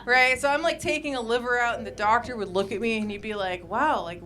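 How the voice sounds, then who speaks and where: A woman with a high voice is on a comedy club stage with a handheld mic, doing a stand-up set. She tells crude stories in a deadpan way and swears a lot. Her tone is bright and forward. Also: fast talker, slight background noise.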